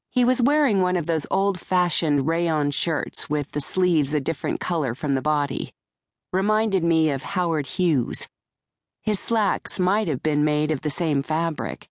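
A woman narrating a first-person audiobook in a low, deep voice. Her delivery is dry and wry, tuned to the joke in each line. The recording is close-miked and completely dry. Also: animated, unhurried, dry recording. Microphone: close studio mic.

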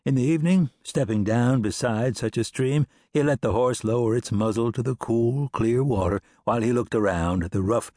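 Husky man narrating a western audiobook. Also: medium pitch, darkish tone, no echo, studio quality. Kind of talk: scripted narration.

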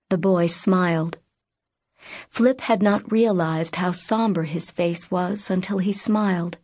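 A woman narrating an audiobook in a measured, even reading voice. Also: fairly low pitch, dry recording. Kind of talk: scripted narration.

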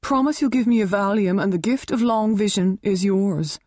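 A woman's voice: medium pitch, normal speed, darkish tone, no room sound, studio quality, pitched above the performer's own voice, close to an everyday voice. A woman narrator voicing a blunt, sardonic adult daughter in an audiobook.

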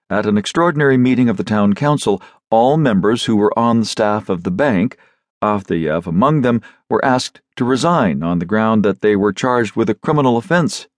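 A man narrating an audiobook in a measured storytelling manner, recorded on a studio microphone. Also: lowish voice, no room sound. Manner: measured storytelling with expressive phrasing. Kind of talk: scripted narration.

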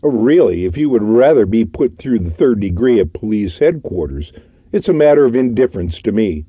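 A man's voice: on the low side, very animated, normal speed, mellow, breathy edge, dry recording. A man voicing a stern, suave detective who speaks in a commanding, contemptuous way in an audiobook.

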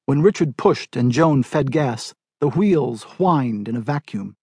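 Man reading a literary short story, husky, dead dry studio sound. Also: medium pitch, animated, measured pace, a little mellow, dry recording. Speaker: audiobook narrator. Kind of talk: scripted literary narration.

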